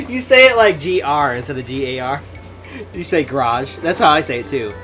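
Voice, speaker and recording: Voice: medium pitch, sharp tone. A co-host from Michigan with a Michigan accent, teasing and laughing through a let's play chat. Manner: giggly, teasing. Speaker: gaming co-host. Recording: game music behind voice.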